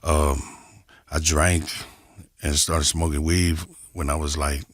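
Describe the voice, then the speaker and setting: A man from Compton with a gravelly voice, a guest speaking in a laid-back, plain-spoken way in a casual interview. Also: very deep voice, level tone, slow pace, dry recording, studio quality. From Compton, California.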